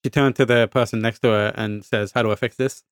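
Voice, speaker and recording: Man, from the UK, casual storyteller, acts out voices, medium pitch, dry recording. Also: quick pace, clean tone, no echo. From United Kingdom. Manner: animated storyteller, acts out quoted voices, swears, frequent fillers. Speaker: podcast co-host telling a story.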